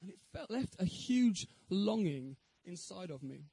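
A man speaks at an evening Christian talk, sharing his own testimony and putting questions to his listeners in an earnest tone. His voice sits high yet mellow, with a husky edge. The recording is dry and close, with no room sound. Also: lively intonation, a little slow, dry recording, poor audio. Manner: earnest, rhetorical questions to the audience. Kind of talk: evangelistic talk with personal testimony.

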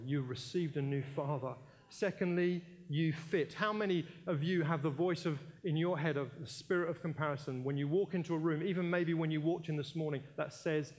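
A man's voice: on the high side, brisk. A British man preaching a sermon in a church, emphatic, repeating key phrases and telling anecdotes with jokey asides.

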